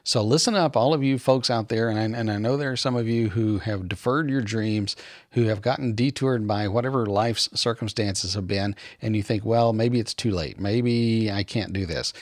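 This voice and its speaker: Male podcast host, lowish voice, dry close sound, upbeat and encouraging. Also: normal speed, no room sound. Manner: enthusiastic, encouraging. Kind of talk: podcast interview.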